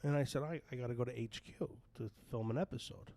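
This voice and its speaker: A man's voice: medium pitch, fast, dry recording. A middle-aged man with a New Jersey accent, hosting a podcast and telling long rambling stories full of fillers. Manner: loud, rambling, storytelling with frequent fillers. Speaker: podcast host. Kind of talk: casual podcast banter. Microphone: headphones and studio mic.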